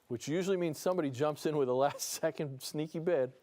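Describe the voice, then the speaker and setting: A man with a New Jersey accent calls bids on a live broadcast auction. His voice sits a little high, and his delivery is upbeat and playful. He often slips a chuckle in between the price calls. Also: fast, hardly any pauses, warm tone. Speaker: auctioneer and show host. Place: studio room with a small audience.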